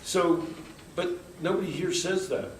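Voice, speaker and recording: A man's voice: high-pitched, unhurried, slight background noise. A man giving a conversational workshop lecture, rambling through anecdotes and acting out quoted dialogue. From United States. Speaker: workshop speaker. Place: workshop room. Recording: roomy, distant mic in a hall.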